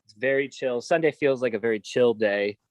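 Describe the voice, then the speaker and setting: A man's voice: mid-range voice, fairly quick, dry recording. Blunt ranting man host. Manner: blunt, gets worked up ranting. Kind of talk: casual livestream chat.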